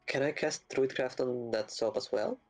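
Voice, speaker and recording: A man playing a tabletop game, speaking in a hesitant, low-key way. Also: moderate pace, no room sound, soft background music, poor audio. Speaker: player. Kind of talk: casual game chat.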